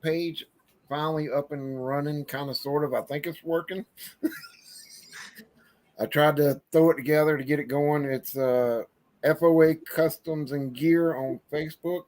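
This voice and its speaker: A man with a higher-pitched voice talks about his little business on a casual livestream. He restarts his sentences often and keeps an easygoing tone. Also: steady tone, a little mellow. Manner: halting, self-correcting, easygoing. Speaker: co-host, one-man gear business owner.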